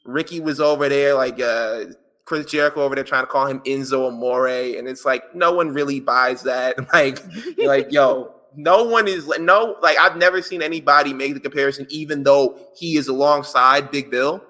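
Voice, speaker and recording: A man's voice: medium pitch, normal speed, bright, forceful tone. A man co-hosting a podcast in casual chat, reading out listener answers in a joking, slangy, playful way. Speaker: podcast co-host.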